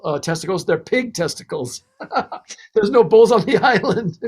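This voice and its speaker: A man, a record producer, telling stories in a casual podcast interview, animated and laughing as he goes. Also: high-pitched, takes it slowly, slight background noise.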